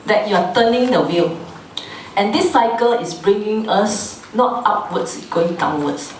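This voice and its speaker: A woman's voice: mid-range voice, animated, a little slow, slight background noise. A woman lecturing a class, repeating key phrases and often asking the class to follow along. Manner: repetitive, asks the class frequent check-in questions; acts out quoted scolding in a raised voice. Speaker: dharma class teacher. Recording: echoey hall from far off.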